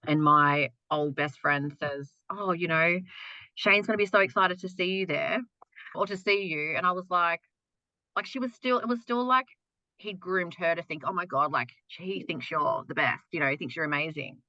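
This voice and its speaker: A young adult woman tells her story frankly on a podcast, cursing without hesitation and mimicking the people she quotes. Her voice sits fairly low and sounds bright and forceful. The audio is dull and lo-fi, with a dry, close feel. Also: normal speed, dry recording. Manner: frank, swears freely, acts out quoted voices. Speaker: podcast guest. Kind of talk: candid conversational storytelling.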